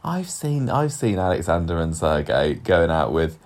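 A man's voice: low voice, sing-song, moderate pace, a little mellow. A man co-hosting a podcast, recapping a soap opera casually and animatedly, laughing often. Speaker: podcast co-host.

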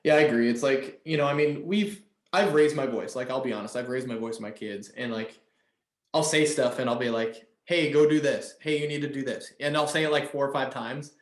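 A man's voice: medium pitch, a little fast, reverberant. A man in his thirties, a father, chatting casually on a podcast with many fillers and restarts. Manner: rambling, lots of fillers and restarts. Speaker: podcast co-host.

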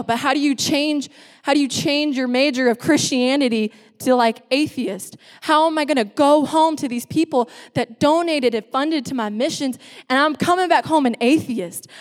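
High-voiced woman preaching in a hall. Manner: animated storytelling with quoted voices. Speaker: pastor. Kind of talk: sermon testimony. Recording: long hall reverb.

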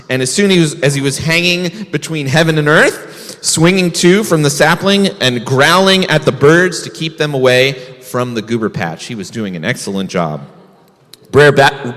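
A man's voice: on the high side, fairly bright tone, big-room sound. A man, a rabbi, telling a folk tale to children in a folksy way, asking the kids questions. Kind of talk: storytelling to children.

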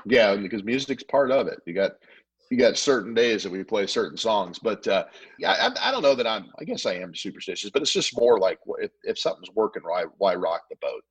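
A man's voice: lowish voice, expressive, fairly quick, breathy edge, no room sound, rough recording. A man, a guest pitmaster on a podcast, telling stories in a casual, rambling way and restarting his words often. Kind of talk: casual storytelling chat.

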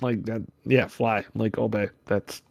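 A man's voice: on the low side, steady tone, measured pace, gravelly, a little mellow, dry recording, studio quality. A man hosting a podcast, chatting casually in a rambling, joking way and swearing often. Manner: rambling, swears a lot, jokey asides. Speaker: podcast host.

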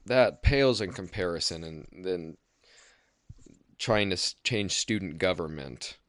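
A man hosts a casual interview with a very low, smooth voice. His questions come out halting as he searches for words, and the sound is dry and close. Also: lively intonation, no echo. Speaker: interview host.

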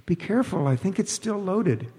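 A man's voice: sits high, expressive, normal speed, mellow, in a large hall, pitched above the performer's own voice. A man reading an audiobook, voicing a sly divorced woman who talks in a sugary, teasing, falsely innocent way.

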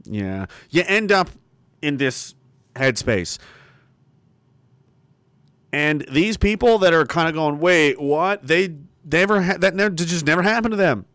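Brief: swearing livestream host, lively pitch, dry close sound, jumps from loud to muttered. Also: male voice, unhurried, long pauses, no echo. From Canada. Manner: profane, animated, swinging between loud emphasis and muttering. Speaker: livestream host reading viewer comments. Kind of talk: casual ranting livestream monologue.

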